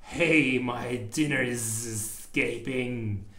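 A man doing a sly, slow-talking snake. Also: medium pitch, fairly bright tone. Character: sneaky wicked hungry snake. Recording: echoey room.

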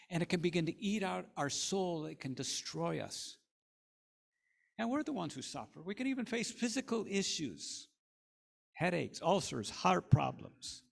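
Gravelly-voiced male preacher. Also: fairly high pitch. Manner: earnest, storytelling preacher. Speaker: pastor. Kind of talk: sermon.

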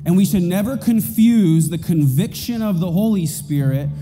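Mellow-voiced pastor preaching in a reverberant hall. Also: male voice, high-pitched, lively intonation, moderate pace, faint music behind. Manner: emphatic, repeats key points. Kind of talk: sermon. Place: church auditorium.

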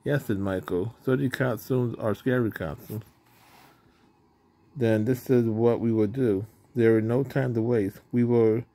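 A man's voice: mid-range voice, warm tone. A man reading a children's storybook aloud in a plain way, now and then slipping on words and starting over. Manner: plain reading, with slips and restarts. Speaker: storybook reader.

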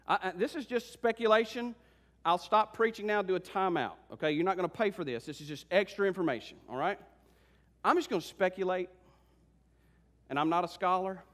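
Preacher, male, high voice, sermon delivery with quiet asides and punchy rhetorical questions, hall reverb. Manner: swings between soft low asides and high emphatic rhetorical questions. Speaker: pastor. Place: church sanctuary. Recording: long reverb of a church hall.

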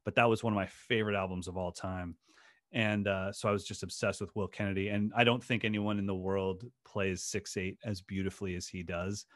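A man's voice: deep voice, flat delivery, fairly quick, no room sound, studio quality. A man who is a drum teacher, telling stories in a casual podcast interview in an earnest, passionate way with many restarts. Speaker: guest drum educator.

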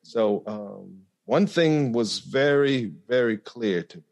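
A man speaking as a podcast guest, telling a personal story in an earnest, reflective way with frequent pauses and fillers. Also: medium pitch, animated, vocal fry, darkish tone. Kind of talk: conversational storytelling.

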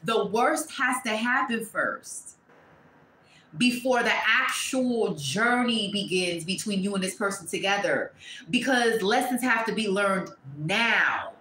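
A woman reading tarot to camera, blunt and profane, breaking into loud exclamations and dropping to quieter asides. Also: medium pitch, animated, slow pace, reverberant, a little hiss or hum, poor audio. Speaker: tarot reader.

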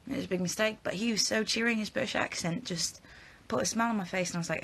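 Young actress chatting casually with fans on her phone; bright, edgy tone, chatty and rambling. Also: mid-range voice, rapid-fire, creaky, breathy edge. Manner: chatty, giggly, rambling with fillers. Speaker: actress answering fan questions. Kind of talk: casual live Q&A chat.

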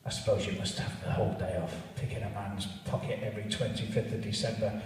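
A man's voice: lowish voice, flat delivery, quick pace, a little mellow, a little hiss or hum, natural voice. A man voicing a scornful, grating old miser in a live story reading, heard from far off in an echoey church.

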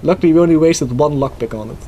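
Teasing young man, slightly high voice. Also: racing, dark tone, slight background noise. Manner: teasing, sarcastic banter. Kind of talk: casual let's play commentary.

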